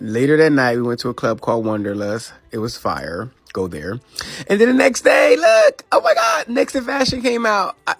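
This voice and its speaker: A man's voice: medium pitch, no room sound. A man in a casual travel vlog voice-over, flamboyant and sassy, hyping himself up. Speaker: fashion designer vlogger.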